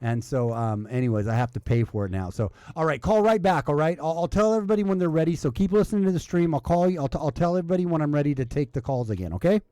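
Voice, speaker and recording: A man's voice: on the high side, lively intonation, fast talker, few pauses, mellow, smooth, no echo. A man hosting a live stream, a little drunk, chatting loosely with laughs and restarts. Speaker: livestream host. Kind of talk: casual live-stream chat.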